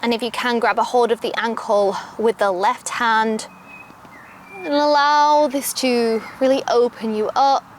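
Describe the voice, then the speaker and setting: A young adult woman teaching a yoga class outdoors, giving calm step-by-step cues. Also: fairly high pitch, measured pace, a little hiss or hum. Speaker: yoga instructor. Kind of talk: guided yoga class instruction. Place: outdoors, birds audible. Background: faint outdoor ambience with birdsong.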